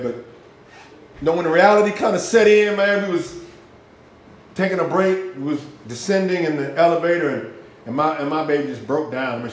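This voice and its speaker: A man preaching a sermon with passion, using street slang, swinging between loud shouts and low hushed lines. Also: roomy sound. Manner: uses street slang for emphasis.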